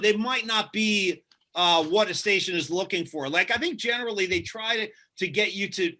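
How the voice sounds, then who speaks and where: Radio guy talking shop on a video call, earnest, says things twice, highish bright voice. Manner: earnest, repeats himself for emphasis. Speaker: radio host, interview guest. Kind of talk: casual interview answers.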